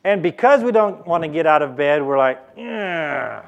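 A male pastor preaching a sermon in a church, slow and emphatic, repeating key phrases for the congregation. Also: fairly high pitch, animated, muffled recording.

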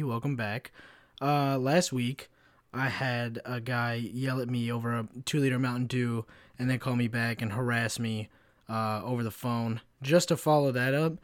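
A man in his twenties hosting a casual solo podcast, tired after a work shift, venting about his job in profane, animated storytelling. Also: mid-range voice, no echo, studio quality. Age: 20s. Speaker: podcast host.

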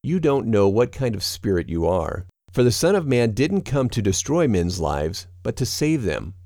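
A man voicing a calm, authoritative teacher, speaking in a measured and solemn way. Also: mid-range voice, no echo, studio quality.

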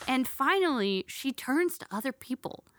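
A woman's voice: sits high, lively intonation, moderate pace, a bit bright, no room sound. A young woman co-hosting a podcast, telling rambling comic stories with lots of laughing and swearing. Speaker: podcast co-host. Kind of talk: casual chat, comic storytelling.

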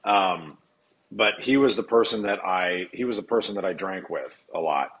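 A man's voice: low voice, normal speed, fairly bright tone, poor audio. A man from Nebraska telling his recovery story as a podcast guest, candid, blunt and profane.

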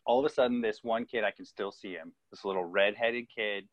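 A man's voice: on the low side, a little fast, no echo. A man, a podcast co-host, telling a story in casual chat and acting out the voices of the people in it. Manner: animated, acts out kids' voices while telling a story. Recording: dry, slightly dull sound.

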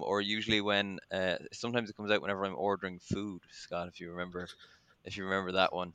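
A man's voice: fairly low pitch, flat delivery, normal speed, pushed and bright, clear, resonant tone, no room sound. An Irish man hosting a casual podcast chat, chatty and self-deprecating, with plenty of ums. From Ireland. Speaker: podcast host.

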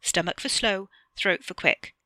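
A woman narrating her own short story aloud, measured and even. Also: mid-range voice, dry recording. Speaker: author reading her story.

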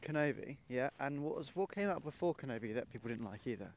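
A man's voice: medium pitch, animated, fast talker, a little hiss or hum. A young man co-hosting a podcast in easygoing, agreeable chat, steering the talk onward. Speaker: podcast co-host. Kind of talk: casual chat.

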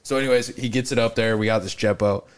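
A man's voice: lowish voice, steady tone, fast talker, crowd noise. A man from Alaska on a podcast, chatting in a laid-back way and swearing often. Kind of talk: casual chat.

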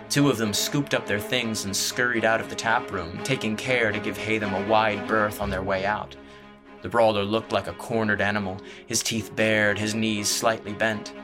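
A man narrating a fantasy novel in a measured, expressive storytelling voice. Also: fairly low pitch. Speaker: audiobook narrator. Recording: music playing underneath.

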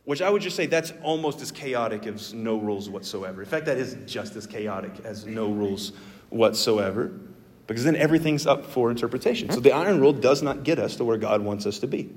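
A man preaching a sermon as a pastor, earnest and animated, with emphatic jumps in his voice. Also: mid-range voice, a little fast. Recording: long hall reverb.

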